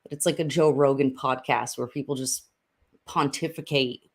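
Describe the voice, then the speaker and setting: With a very deep, steady voice at normal speed, a woman who is both a podcast host and a congressional candidate chats casually about politics from home. She sounds upbeat and chatty with lots of fillers, recording in a room under renovation.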